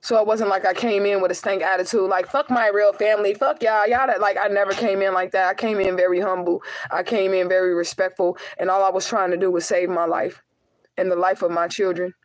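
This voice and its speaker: A woman's voice: on the low side, flat delivery, fairly quick, no echo, low-quality recording. A young adult woman, talking in a raw, confessional personal vlog. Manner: raw, confessional, swearing, talks to her cat. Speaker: vlogger and spiritual reader.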